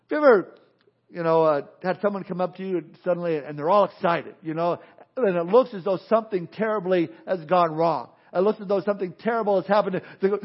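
High-voiced, animated Texan preacher. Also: male voice, fast talker, breathy edge. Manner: animated, acts out quotes and little scenes, repeats himself. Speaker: pastor. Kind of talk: sermon. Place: church sanctuary. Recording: dull lo-fi recording.

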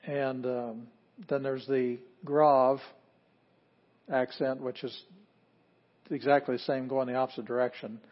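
Male teacher, mid-pitched, easygoing classroom lecture with small laughs, muffled lo-fi recording. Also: unhurried, pauses often. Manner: relaxed, chuckling, plainspoken, with fillers. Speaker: Greek teacher.

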